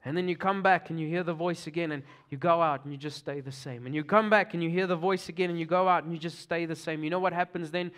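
A pastor with an Afrikaans South African accent preaching a sermon, swinging from loud urgent calls to hushed, near-whispered passages. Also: male voice, fairly high pitch, steady tone, fast talker, hardly any pauses.

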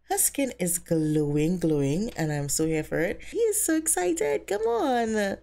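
A woman giving casual, excitable commentary on a life-simulation game she is playing, often speaking the characters' thoughts aloud. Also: fairly low pitch, a little slow, creaky. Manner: excitable, gasping and squealing, voicing the characters' thoughts. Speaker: let's play host.

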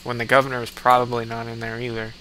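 A man's voice: medium pitch, monotone, fast, sharp tone, a little hiss or hum. A man doing let's play commentary, reading game commands aloud and laughing often in amusement. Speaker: gamer.

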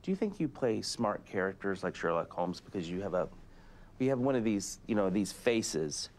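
A middle-aged man hosts a comedic interview in a flat, deadpan way, stumbling and pausing awkwardly between questions. His voice sits a little low for a man. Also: slight background noise. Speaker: talk show host.

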